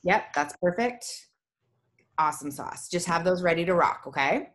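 A woman's voice: on the low side, animated, moderate pace, a bit bright, slight background noise. A young woman who teaches a reading class online, in an upbeat, chatty and encouraging way over a video call. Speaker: reading tutor. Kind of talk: casual online class talk.

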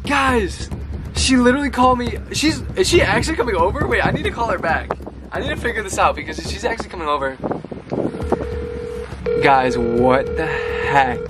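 A young man excitedly talking viewers through a prank in a casual vlog. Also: sits high, moderate pace, over loud music. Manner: excitable, chatty, narrating to viewers. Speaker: vlogger. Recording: audible background noise.

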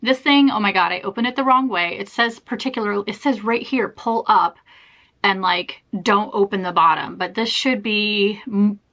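A woman's voice: medium pitch, moderate pace, fairly bright tone. A young woman vlogging to camera in a chatty, self-deprecating way, laughing often. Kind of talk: casual chat to camera.

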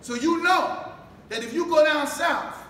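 A man delivers a sermon with a very high, bright, forceful voice. He asks question after question, waits for the congregation to answer, and rises to shouts. He was recorded from a distance in a roomy, echoing hall. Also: unhurried. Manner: rhetorical questions, calls for responses, builds to shouts. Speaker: mosque minister. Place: mosque hall. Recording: echoey room, distant mic, faint background noise.

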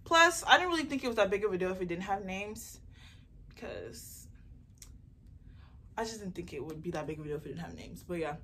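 Excitable young woman with a bright, lively voice. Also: mid-range voice, a little fast, long pauses. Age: young adult. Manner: chatty and excitable, rambling talk. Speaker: beauty entrepreneur and vlogger. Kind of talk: casual unboxing vlog. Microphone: phone camera mic.

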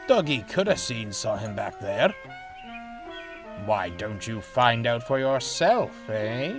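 A man voicing a gruff, blunt male steam engine with a Scottish accent. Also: mid-range voice, big pitch swings, normal speed. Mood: stern. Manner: blunt, huffy. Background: music.

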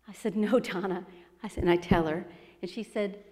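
Brief: woman speaker, warm mellow tone, lively storyteller, long hall reverb. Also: medium pitch, normal speed. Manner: animated, acts out quoted voices. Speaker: speaker presenting her book. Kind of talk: storytelling talk to an audience. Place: expo presentation hall.

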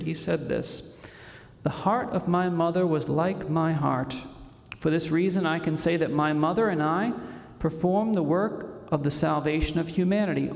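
Priest preaching in a reverberant church. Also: male voice, a little high, vocal fry. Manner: measured, reverent delivery with frequent pauses. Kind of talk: homily.

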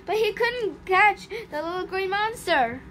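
A woman reading a children's picture book aloud in an expressive, careful storytelling manner. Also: very high voice, unhurried, slight background noise. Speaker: storybook reader.

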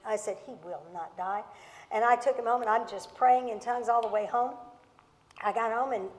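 A woman's voice: fairly high pitch, fairly even intonation, fairly quick. Impassioned woman pastor in a reverberant hall. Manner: impassioned, emphatic, repeats herself for stress. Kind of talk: sermon with personal storytelling. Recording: long reverb of a large hall.

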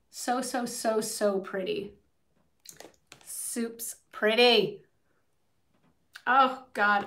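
A bubbly young woman with a slightly high voice hosts a makeup tutorial, chatting casually to her viewers. She swears freely and reacts to her chat as she works. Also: drawn-out words, long pauses, fairly bright tone. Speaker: beauty vlogger.

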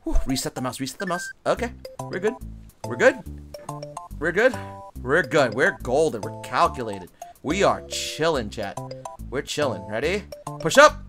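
A streamer commentating live gameplay, swearing, pleading and yelling at the game in frustration between calmer stretches. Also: mid-range voice, normal speed, pauses often, over music. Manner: pleading and coaxing between outbursts.

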